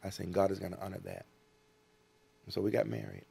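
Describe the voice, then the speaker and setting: A man's voice: deep voice, little pitch movement, brisk, creaky, dark tone, husky. A man from the United States, a guest in an interview, telling a personal story earnestly and acting out what people said.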